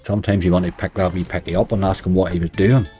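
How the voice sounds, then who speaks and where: Man, Northern Irish accent, middle-aged, dark mellow voice, chatty muttering commentary, faint music behind. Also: sits low, fairly even intonation, quick pace. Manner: chatty, muttering at the game, dry grumbling. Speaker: online slots streamer. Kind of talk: casual live-stream commentary.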